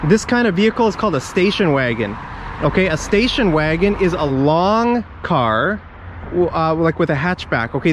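Man, slightly high voice, rambling off the cuff, walking outdoors, camera mic, faint traffic behind. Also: animated, moderate pace. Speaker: English teacher. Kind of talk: casual walking vocabulary lesson. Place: outdoors on residential streets. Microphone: handheld camera while walking.

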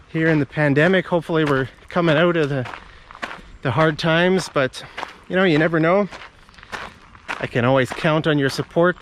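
A man's voice: a little high, background noise. A man recording a casual walking vlog outdoors for his English learners, talking in a chatty, rambling way and a bit out of breath. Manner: chatty, rambling, friendly to viewers. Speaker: English teacher YouTuber. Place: outdoors on a forest path.

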